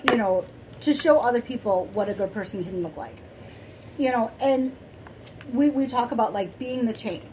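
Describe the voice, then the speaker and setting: A woman with a fairly high voice talks casually on a podcast, soft-spoken and rambling, full of fillers and restarts. A faint hiss of background noise sits under her voice. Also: normal speed, rough recording. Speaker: podcast co-host. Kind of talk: casual chat.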